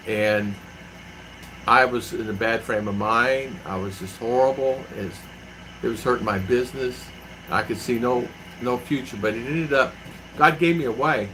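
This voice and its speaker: A man's voice: medium pitch, pushed and bright, a little hiss or hum, rough recording. A middle-aged man hosting a live stream from home, telling rambling stories and answering viewers by name. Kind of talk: casual live-stream chat. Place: home in the Philippines.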